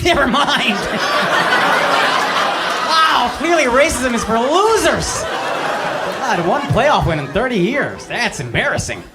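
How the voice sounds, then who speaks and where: A high-voiced, brash stand-up comedian performs a set on stage before a live audience, his delivery profane and mocking. The live recording carries heavy background noise and loud crowd laughter.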